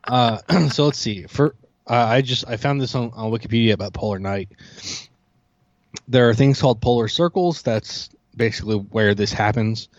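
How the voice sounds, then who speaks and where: A man's voice: mid-range voice, moderate pace, no room sound. Man, podcast co-host, hesitant casual talk, slightly muffled dry recording. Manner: relaxed, hesitant, clears throat often. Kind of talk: casual chat.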